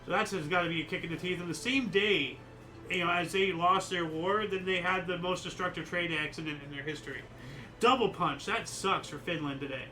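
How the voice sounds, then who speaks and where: A man's voice: sits high, fairly quick, sharp tone, faint music behind, rough recording. A man hosting a casual history chat show, reading out dates and chatting about them in a rambling, opinionated way with many fillers. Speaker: host.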